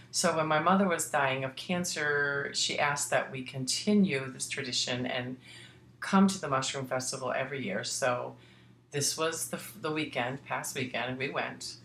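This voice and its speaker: A woman's voice: deep voice, fairly bright tone. A middle-aged woman from Missouri hosting a crafting podcast, chatting casually and rambling with frequent restarts. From Missouri, United States. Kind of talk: casual chat. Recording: echoey room.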